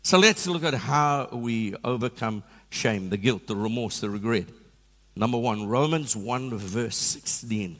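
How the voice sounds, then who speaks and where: A man preaching a sermon in a church, telling animated, self-mocking stories. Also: medium pitch, unhurried, big-room sound. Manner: animated storytelling with self-deprecating humor. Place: church hall.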